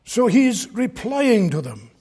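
A man's voice: very high voice, sing-song, slow, mellow. A man preaching an expository sermon from a pulpit, earnest and emphatic as he explains a Bible passage. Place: church pulpit.

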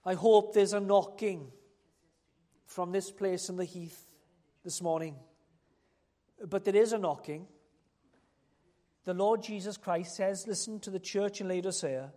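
A preacher delivers a sermon in a mid-range voice. The delivery leans on repeated phrases and rhetorical questions aimed straight at the congregation. It swells into loud, emphatic appeals and then drops back to a quieter, conversational register. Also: mid-range voice, measured pace, long pauses. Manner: addresses listeners directly with rhetorical questions.

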